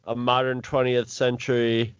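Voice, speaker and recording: Easygoing man with a smooth voice. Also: mid-range voice, monotone, normal speed, no echo, highs cut off. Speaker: podcast co-host. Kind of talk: casual discussion.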